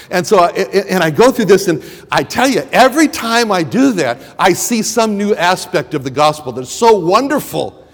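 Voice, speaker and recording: A man's voice: high voice, very animated, moderate pace. Man preaching in a big hall w long echo, rambly, keeps repeating words as he starts. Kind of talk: sermon with personal story.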